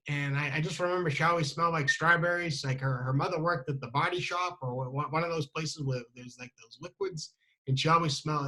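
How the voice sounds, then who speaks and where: A man tells a comic personal story, mocking himself as he goes. His voice sits a little high and sounds bright and forceful. He stumbles, restarts and fills gaps with "um" and "you know". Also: rough recording. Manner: halting, with many restarts and fillers; self-mocking.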